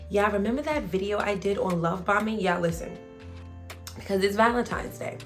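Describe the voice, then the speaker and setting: A woman vlogger and spiritual advisor chatting casually to camera in a playful, animated way, speaking. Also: medium pitch, moderate pace, soft background music. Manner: animated, playful, talks straight to viewers with "y'all".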